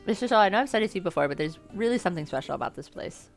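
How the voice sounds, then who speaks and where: A woman voicing a shy, kind young male barista who talks earnestly and softly. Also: medium pitch, lively intonation, very fast, creaky, soft background music. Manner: earnest, soft-spoken.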